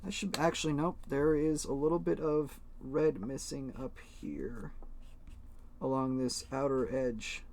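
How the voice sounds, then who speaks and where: A man's voice: mid-range voice, fairly even intonation, measured pace, gravelly, darkish tone, slight background noise. A young man streaming, chatting casually to his viewers while coloring flags, rambling, joking and swearing freely. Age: young adult. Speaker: live streamer.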